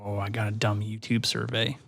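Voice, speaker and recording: A man co-hosting a casual podcast, animated, swearing and laughing freely. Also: on the low side, fairly quick, vocal fry. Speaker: podcast co-host.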